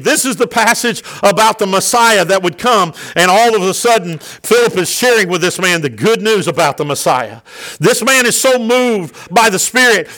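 Male pastor, middle-aged, high ringing voice; fervent sermon delivery that swells to loud peaks. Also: rough recording. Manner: impassioned preaching with sudden loud peaks.

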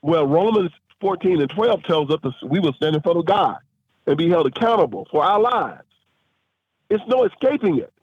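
A man's voice: on the high side, lively intonation, normal speed, breathy edge, no echo. A man being interviewed as a guest author and filmmaker, speaking emphatically and rising into preacher-like force. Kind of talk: interview over a phone line. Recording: tinny dry phone line.

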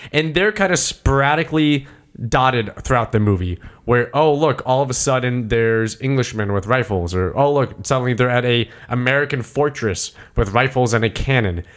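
A man's voice: mid-range voice, moderate pace. A young man recapping a movie in casual chat, rambling and swearing with many side notes. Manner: rambling, animated, profane, full of side notes. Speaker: podcast co-host recapping a movie.

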